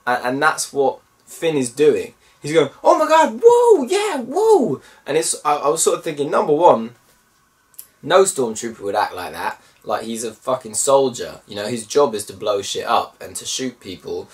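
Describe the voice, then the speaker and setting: A man giving a casual film review, animated and mimicking voices in bursts. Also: mid-range voice, moderate pace, recorded from a distance.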